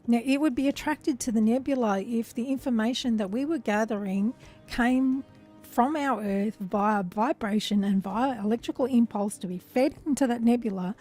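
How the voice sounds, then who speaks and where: A woman with a fairly high, mellow voice, talking her way slowly through a spiritual monologue. She sounds earnest and unhurried, often drawing her words out. Faint music plays behind her. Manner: earnest, musing, slow and drawn out. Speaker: host.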